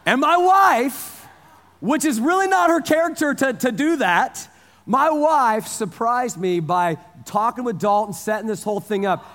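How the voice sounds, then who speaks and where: Pastor in his forties, lighter-pitched male voice, chatty story-led sermon, big hall with long reverb. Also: lively intonation, a little slow, fairly bright tone. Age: 40s. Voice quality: conversational storytelling, repeats phrases for emphasis.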